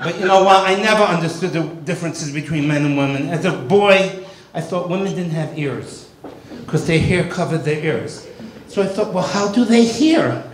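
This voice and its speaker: A man doing a stand-up comedy set in a club with wisecracking, deadpan delivery. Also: a little high, moderate pace, echoey room, noisy background.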